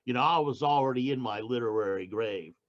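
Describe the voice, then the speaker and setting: An older man speaks casually as a poet being interviewed. He keeps restarting and searching for words at a middle pitch, and the recording sounds dull and lo-fi. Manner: halting, with frequent restarts and fillers. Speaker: poet guest.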